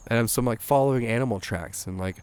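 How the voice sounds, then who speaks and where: A man's voice: medium pitch, fast, clear, resonant tone. Rambling man telling a wild story. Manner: rambling, animated, swearing, acts out quotes. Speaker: guest songwriter. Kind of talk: casual anecdote telling. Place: outdoors.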